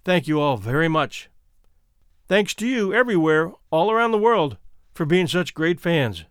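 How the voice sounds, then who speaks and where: A male host and storyteller reads his narration with lively, expressive swings in pitch. His voice sits a touch high for a man. The sound is close and dry, with no room around it. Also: normal speed, clean tone, no room sound. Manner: expressive, animated reading. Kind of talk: scripted narration.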